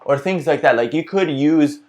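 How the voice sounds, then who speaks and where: A man's voice: fairly high pitch, moderate pace, darkish tone. A man hosting a casual self-help vlog, talking earnestly and reflectively, often restarting his sentences as he thinks aloud. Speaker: vlog host.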